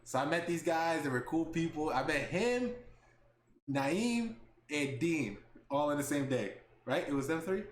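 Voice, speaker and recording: Animated high-voiced young man storyteller. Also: a little slow. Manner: animated, laughing, swears freely. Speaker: podcast host. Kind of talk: casual storytelling chat. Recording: echoey room with faint background noise.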